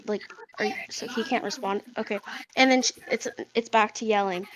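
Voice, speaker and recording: A woman's voice: on the high side, fairly even intonation, moderate pace, slight background noise. A woman playing in a tabletop game, chatting casually and hunting for words with lots of fillers. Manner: hesitant, searches for words with fillers. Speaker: player.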